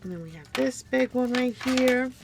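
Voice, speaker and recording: A woman with vocal fry unboxes a gift package on her crafting channel, speaking at a moderate pace from her home craft desk with some background noise. She gushes about each item and keeps saying "you guys" to her viewers, though a coming cold leaves her a bit low on energy. It's a relaxed show-and-tell.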